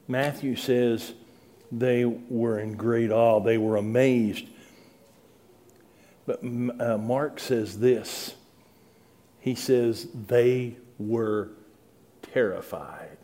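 A man's voice: mid-range voice, fairly even intonation, drawn-out words, pauses often, dark tone. Middle-aged male preacher, earnest and pleading delivery with dramatic peaks. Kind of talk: sermon.

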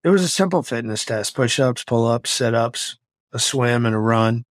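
A man's voice: mid-range voice, normal speed, dry recording. A middle-aged man, a former Navy SEAL and author, telling stories energetically as a podcast guest. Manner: energetic, motivational, animated storytelling. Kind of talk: podcast interview storytelling.

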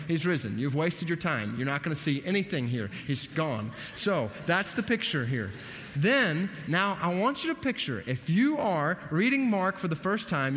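A man preaching a sermon, animated, his voice rising emphatically on key points. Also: fairly high pitch. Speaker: pastor. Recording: long hall reverb.

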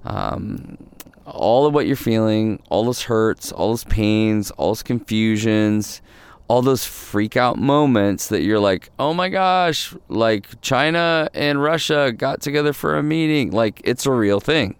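A male pastor hosting a devotional podcast, talking gently and reflectively, often repeating phrases, recorded outdoors at night. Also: lowish voice, clear, resonant tone, no room sound. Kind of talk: casual devotional podcast talk.

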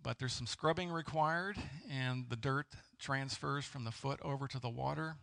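A man preaching a sermon as a pastor, halting and searching for words with many fillers and restarts. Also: mid-range voice, creaky, fairly bright tone. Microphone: presenting with slides.

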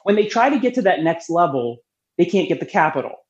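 A woman guest telling lively personal stories in a casual interview, talking freely and laughing often. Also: on the low side, quick pace. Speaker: podcast guest, beer promoter. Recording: roomy, slightly muffled.

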